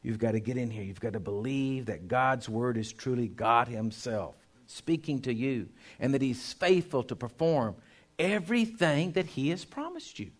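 A pastor delivering a sermon in a mid-range male voice. He preaches with emphasis, swinging from quiet, intimate lines to loud declarations, and keeps turning to address his listeners directly. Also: medium pitch, animated, moderate pace.

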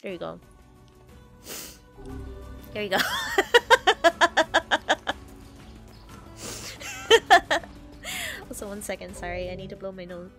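A woman's voice: lowish voice, flat delivery, brisk, gravelly, long pauses, soft background music. A woman streaming a video game, sniffly with a cold, swearing, laughing and making mock threats at the characters. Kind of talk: live game stream chat.

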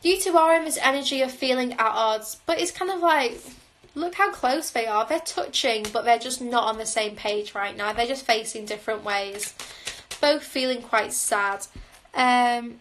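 A woman giving a live tarot reading, musing and intuitive, often pausing with "um" as she reads the cards. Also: fairly high pitch, fairly bright tone, a little hiss or hum, low-quality recording. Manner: musing, intuitive, frequent "um" fillers. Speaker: tarot reader. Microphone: phone on a livestream.

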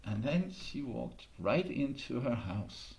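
Slow, deliberate male storyteller. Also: medium pitch, big pitch swings, creaky, darkish tone. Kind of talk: oral storytelling.

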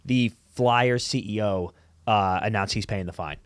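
A man's voice: lowish voice, smooth, no room sound. A man co-hosting a sports podcast, giving blunt, frank opinions in casual chat. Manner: blunt, frank, quick agreeing interjections. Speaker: podcast co-host.

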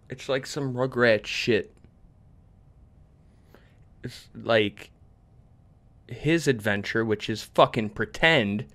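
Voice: medium pitch, a bit bright. A gamer commenting on a horror game, swearing constantly and breaking into screaming outbursts. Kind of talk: horror let's play commentary.

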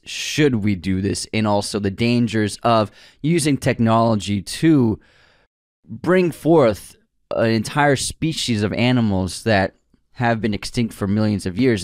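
A man's voice: mid-range voice, no room sound. Man, podcast co-host, earnest, stumbles, dry close mic. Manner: earnest, stumbles over words. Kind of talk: casual film discussion.

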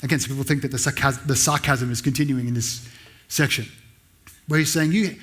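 A man preaching a sermon in a church, raising his voice sharply when he reads out sarcastic lines. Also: fairly quick. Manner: animated preaching, pitch jumping up when voicing Paul's sarcasm. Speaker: pastor.

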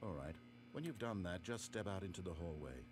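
A man's voice: low-pitched, lively intonation, brisk, slight background noise. A man voicing a dry, sardonic narrator in a game, with wry, theatrical, exasperated asides. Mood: mocking. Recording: game audio with music behind.

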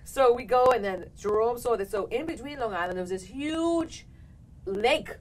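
A woman hosting a talk show, telling a story in an animated way and acting out what people said. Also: on the high side, normal speed, poor audio. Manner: animated, laughing, acts out quotes. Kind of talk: casual storytelling chat.

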